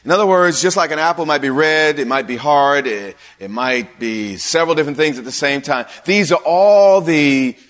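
A male pastor preaching a sermon in a church hall, animated, with sudden drops to a near-whisper. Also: fairly high pitch, normal speed, hardly any pauses. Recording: long hall reverb.

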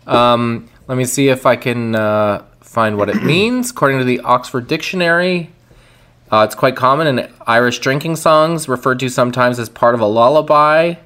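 A host in casual chat who reads song lyrics slowly aloud and sometimes breaks into singing them. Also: mid-range voice, fairly bright tone.

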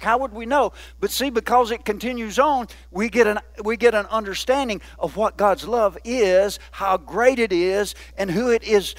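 A man preaching a sermon, often asking the congregation "Amen?" and slowing down to stress key words. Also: high voice, no room sound. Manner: call-and-response preaching with frequent "Amen?". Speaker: pastor.

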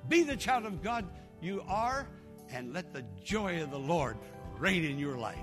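A man's voice: sits high, big pitch swings, unhurried, over music. A man preaching a fervent, exhorting sermon as a pastor.

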